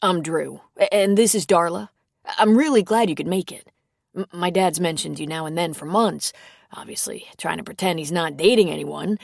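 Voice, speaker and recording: A woman's voice: on the low side, moderate pace, gravelly, no echo, studio quality. A woman reading the lines of a friendly, teasing young man who stammers a little, in an audiobook. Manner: joking, slightly stammering.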